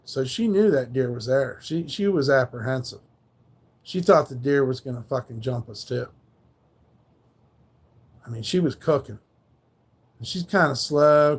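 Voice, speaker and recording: A man hosting a livestream, telling a rambling, profane story in casual slangy speech. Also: medium pitch. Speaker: livestream host.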